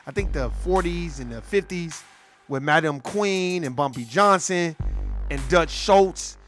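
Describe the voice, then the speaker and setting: A man's voice: a little high, animated, measured pace, a bit bright, soft background music. A man delivering a profane, heated political rant in street slang. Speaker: commentator.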